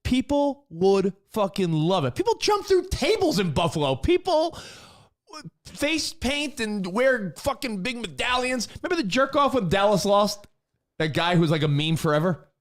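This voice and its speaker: A man co-hosting a casual sports talk show, ranting in an animated, profane way and shouting for emphasis. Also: high voice, normal speed. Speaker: co-host.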